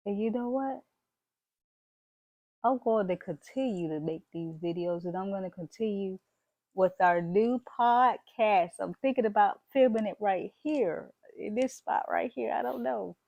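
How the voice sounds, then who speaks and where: A woman with a mid-range, darkish voice and vocal fry talks to her viewers at a measured pace in a casual motivational vlog, emphatic and preachy, using "y'all" and "baby." The audio is dull with no echo.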